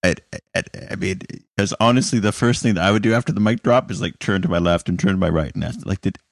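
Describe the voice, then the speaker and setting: A podcast co-host with a low, creaky voice talks fast in casual chat, laughing often and restarting his sentences. The recording is studio quality with no room sound.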